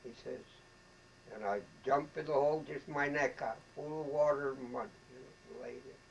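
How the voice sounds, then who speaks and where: A man's voice: mid-range voice, normal speed, gravelly, dull audio, slight background noise. A man in his eighties, a veteran, telling his stories in a colloquial way for an oral history interview and acting out the voices of the people he quotes. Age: 80s. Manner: colloquial storytelling, often acting out quoted speech.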